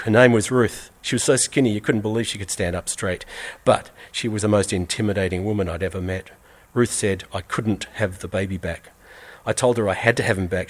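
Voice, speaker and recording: A man reading a first-person story aloud in an earnest, measured way, repeating phrases for weight. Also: on the low side. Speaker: reader.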